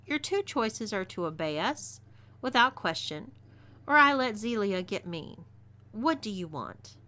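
A woman's voice: mid-range voice, very animated, measured pace, sharp tone. A woman with a Texas accent voicing a sly, commanding frontier woman who taunts her captive. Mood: taunting. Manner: taunting, teasing.

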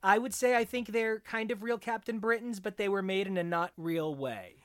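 A woman co-hosting a casual comic book podcast, excitable, swearing freely and using lots of likes. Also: mid-range voice, moderate pace, no room sound, studio quality. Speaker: podcast co-host.

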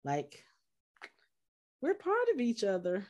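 Woman co-host, casual TV recap, animated delivery, mid-range voice. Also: medium pitch, slow pace. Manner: animated, acts out character quotes. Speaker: podcast co-host. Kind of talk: casual episode recap chat.

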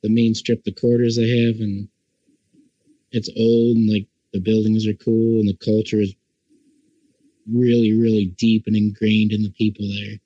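A man's voice: lowish voice, little pitch movement, normal speed, dark tone, no echo, lo-fi sound. A man chatting casually as a podcast guest, easygoing and enthusiastic, saying "like" a lot. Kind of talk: casual chat.

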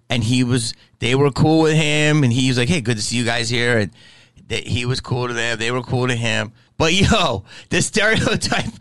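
A man's voice: mid-range voice, a bit bright, no room sound, low-quality recording. A middle-aged man in casual chat, rambling and profane, with many restarts.

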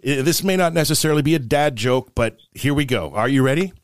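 A middle-aged man co-hosting a podcast rambles through dad jokes, poking fun at himself in casual chat. His medium-pitched voice is animated and quick, recorded with clean studio sound and no room echo.

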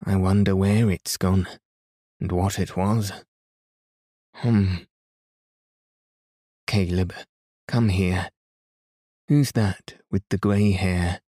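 A man's voice: deep voice, steady tone, extremely slow, pauses often, dark tone, dry recording, studio quality, full character voice. A man doing a curt, sour toy merchant. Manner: muttering, curt.

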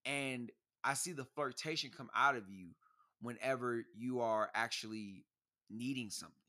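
Young guy cohosting, slangy and lively, bright punchy voice. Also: medium pitch, moderate pace. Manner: animated storyteller, slangy, acts out quotes. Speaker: podcast co-host. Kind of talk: casual chat.

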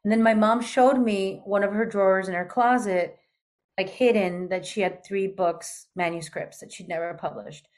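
A woman's voice: mid-range voice, normal speed. Chatty woman in her fifties telling a story. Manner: animated, chatty, fillers. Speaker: guest. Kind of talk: storytelling in conversation.

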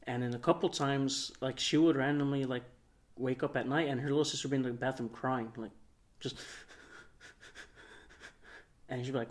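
A young man, a podcast co-host, telling a long story in a relaxed, rambling way, full of fillers. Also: medium pitch, moderate pace, pauses often. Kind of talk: casual storytelling.

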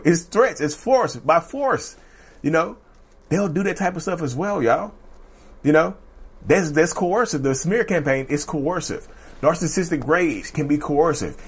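A man's voice: on the high side, breathy edge. A man vlogging in a loose, conversational monologue who often repeats himself and checks in with the listener. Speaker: vlogger discussing narcissism. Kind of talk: casual direct-to-camera monologue.

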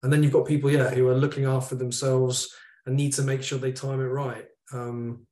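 A man co-hosting a casual live-stream discussion, talking in a thoughtful, halting way. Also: medium pitch, flat delivery, dark tone. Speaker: podcast co-host. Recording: echoey room.

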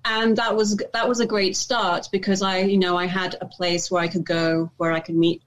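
A woman's voice: fairly low pitch, level tone, rough recording. A young adult woman, an actor, talking reflectively in a casual interview, often restarting her sentences. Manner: reflective, halting with many restarts and fillers.

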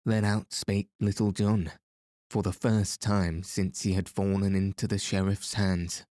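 A man reading a storybook aloud as narrator, in a measured, even way, close to the mic. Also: deep voice, dry recording. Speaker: audiobook narrator.

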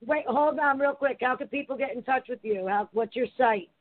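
A man co-hosting a call-in show, upbeat and brisk with callers. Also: extremely high pitch, dry recording. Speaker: radio co-host. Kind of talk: casual call-in chat. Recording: phone-like narrow band.

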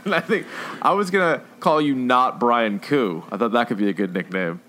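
Brief: male podcast host, mid-pitched, chatty, laughs and swears casually. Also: normal speed, bright, forceful tone. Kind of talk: casual chat.

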